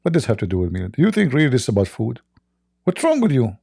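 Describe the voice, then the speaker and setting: A man's voice: mid-range voice, huge pitch swings, fast talker, gravelly, dark tone, dry recording, clean studio sound. A man hosting a livestream, giving sarcastic, joking commentary on a video clip and laughing often. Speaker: livestream host.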